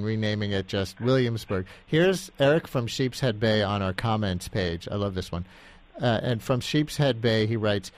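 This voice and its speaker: A man hosting a live radio call-in show, brisk and chatty as he brings on callers. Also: lowish voice.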